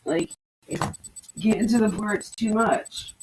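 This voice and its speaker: A woman's voice: mid-range voice, normal speed, darkish tone, slight background noise, rough recording. A woman chatting casually as a streamer, rambling and swearing freely. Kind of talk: casual chat.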